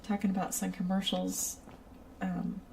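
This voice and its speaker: A woman's voice: mid-range voice, monotone, unhurried, gravelly, warm tone, far from the mic, slight background noise. A woman streaming a building game, rambling and giggling as she chats with her viewers. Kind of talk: casual chat while playing a building game.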